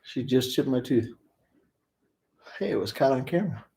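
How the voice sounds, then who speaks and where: A man dropping in on a live stream, calm and laconic, with dry short remarks. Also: medium pitch, moderate pace, vocal fry. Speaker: host's fiance dropping in. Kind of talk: casual chat.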